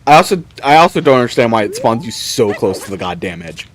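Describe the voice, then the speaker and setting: Lively, swearing game streamer. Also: mid-range voice, fast, slight background noise. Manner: swears often, talks to self while playing. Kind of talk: casual gameplay commentary.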